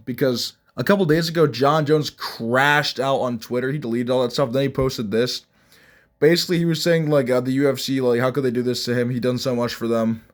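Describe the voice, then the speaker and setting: A young man giving blunt, rambling, mocking commentary on fights, with frequent restarts. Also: mid-range voice. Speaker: MMA commentary vlogger. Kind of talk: casual ranting commentary.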